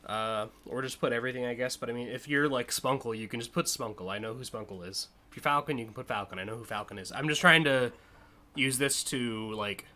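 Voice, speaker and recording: Bright-voiced chatty American streamer. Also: male voice, medium pitch. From United States. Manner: rambling and chatty, with frequent uh and like, quick laughs. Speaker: streamer hosting a community car contest. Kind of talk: live-stream commentary.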